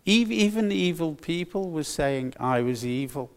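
An older man delivers a sermon in an earnest, emphatic way. He speaks slowly, with a slightly raised pitch, and leans on repeated phrases. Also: expressive, smooth. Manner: earnest, slow and emphatic with repetitions. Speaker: preacher.

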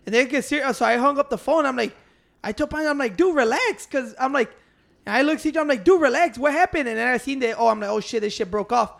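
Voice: high voice, quick pace, creaky. A speaker telling a rambling story in casual chat, swearing and acting out what others said.

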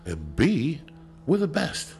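A Cuban-born man in his fifties, a native Spanish speaker, hosting a podcast and telling stories in a profane, animated way. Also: on the high side, slow pace, soft background music. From Cuba. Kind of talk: casual chat, storytelling.

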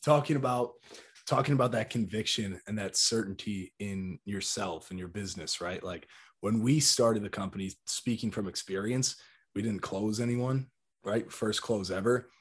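A man's voice: lowish voice, normal speed. A man who founded a company, talking earnestly and reflectively about his business and leaning on "like" as a filler. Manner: earnest, reflective, uses "like" often. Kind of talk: casual conversational talk.

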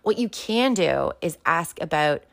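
A woman's voice: sits low, lively intonation, unhurried, creaky, no echo. A young woman venting bluntly to camera, swearing often and filling her talk with "like". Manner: blunt, profane, heavy use of "like". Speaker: vlogger talking about sobriety. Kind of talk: casual direct-to-camera rant.

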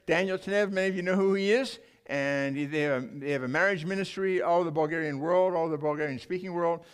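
An older male preacher with a notably high voice, telling a sermon through lively, emotional stories from the pulpit. He talks with many restarts and rising feeling, addressing a church congregation. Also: fast talker, clean tone. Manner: animated, emotional storytelling with restarts. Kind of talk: sermon storytelling.

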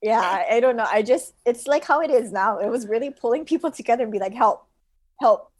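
A woman telling a story with lots of laughter, casual and animated, as a guest shop owner. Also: fairly high pitch, fast.

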